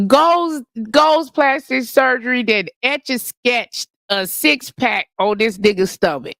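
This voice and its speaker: A woman's voice: fairly high pitch, takes it slowly, creaky, a bit bright, no room sound, clean studio sound. A woman hosting a casual livestream, talking in a brash, profane, gossipy rant. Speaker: livestream host.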